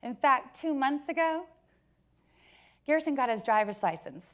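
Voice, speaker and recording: A woman in her forties giving a personal storytelling talk to an audience, joking at times and turning soft and earnest at others. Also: high voice, expressive, moderate pace. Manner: warm joking storyteller, switches between laughs and soft earnest passages. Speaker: company speaker.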